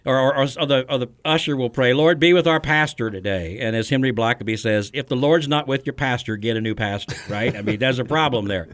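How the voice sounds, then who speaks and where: A man's voice: medium pitch, fast, hardly any pauses, fairly bright tone. A middle-aged man, a pastor hosting a podcast, who teaches in an earnest, storytelling way and chuckles between points.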